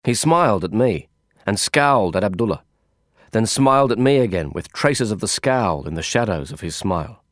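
A man narrating a first-person audiobook in a wry, descriptive, expressive way. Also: on the low side, normal speed, no room sound, studio quality.

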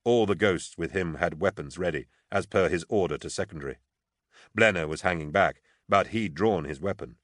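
A man narrating a novel in a measured, even storytelling voice. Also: low voice, no echo, studio quality. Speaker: audiobook narrator. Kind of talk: scripted narration.

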